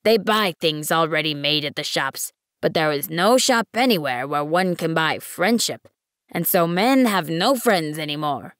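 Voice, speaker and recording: A woman voicing a wise, patient male fox in an audiobook, speaking in a measured, earnest way. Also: sits low, animated, fairly bright tone, smooth, no room sound, clean studio sound. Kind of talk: audiobook reading.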